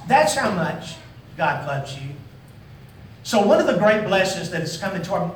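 Emphatic high-voiced preacher in an echoey hall. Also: male voice, fairly bright tone, far from the mic, a little hiss or hum. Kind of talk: sermon. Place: large church hall.

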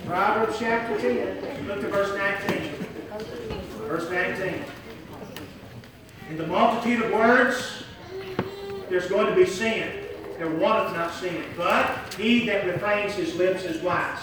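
Male preacher with a high voice. Emphatic and repetitive delivery, recorded from far off in a roomy church. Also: slow, pauses often, background noise. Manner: emphatic, repeats key phrases, jokes with the congregation. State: hot and sweating. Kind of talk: sermon. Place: large church hall. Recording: echoey hall, voice from far off.

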